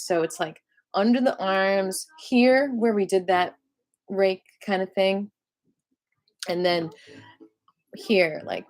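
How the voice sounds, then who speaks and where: A woman hosting a live online qigong class, explaining in a loose, chatty way and inviting viewers to comment. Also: fairly low pitch. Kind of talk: casual live-stream teaching.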